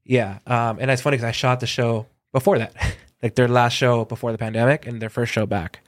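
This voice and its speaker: A man's voice: mid-range voice, a little fast, dry recording, studio quality. Chatty man telling stories with lots of "like". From Southern California. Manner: animated anecdotes, acts out quoted dialogue, many fillers. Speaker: guest, concert photographer. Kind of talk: casual storytelling in an interview.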